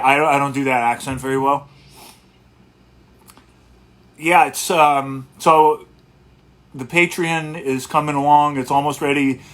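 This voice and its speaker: Relaxed man chatting on a livestream. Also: mid-range voice, a little slow. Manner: relaxed, rambling, greets viewers by place. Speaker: guitarist hosting a livestream. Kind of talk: casual livestream chat.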